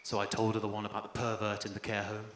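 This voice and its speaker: A young English man doing a stand-up comedy set on stage, dry and self-deprecating, with sudden loud outbursts. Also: on the low side, completely flat delivery, quick pace. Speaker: first-time stand-up comedian. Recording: echoey live venue with faint room noise.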